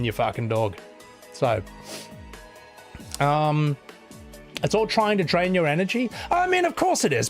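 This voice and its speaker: A young man casually chatting to his live-stream audience, animated, often laughing and swearing. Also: on the high side. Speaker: streamer and host.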